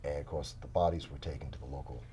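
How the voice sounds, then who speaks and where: A man's voice: extremely low pitch, fast talker, mellow, a little hiss or hum. A man, a paranormal investigator guest in a small studio, telling his stories in a casual interview with many fillers and restarts.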